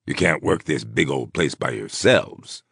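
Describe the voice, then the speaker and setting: A cruel, mocking gunman drawls his taunts, as a male narrator voices him. The voice is very deep and gravelly with a husky edge. Lines come slow and sneering, rising and falling as he toys with his victims. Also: expressive, a bit bright, no room sound, studio quality, heavily acted. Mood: taunting.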